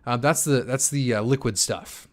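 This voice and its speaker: A man's voice: medium pitch, normal speed. Tired young man chatting on a livestream. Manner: loose and chatty, many fillers and restarts. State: tired from poor sleep. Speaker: crypto channel host answering chat. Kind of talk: casual live-stream Q&A.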